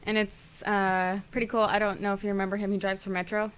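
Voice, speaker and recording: A woman from New Jersey chatting as a guest on a talk show, animated and quick to laugh. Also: mid-range voice, clear, resonant tone, rough recording. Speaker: podcast guest. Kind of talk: casual chat.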